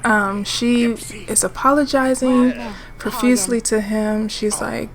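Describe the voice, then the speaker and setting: Slow, chatty woman narrating a game story. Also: a little high, fairly even intonation, background noise. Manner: chatty, rambling, many fillers and restarts. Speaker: let's-play narrator.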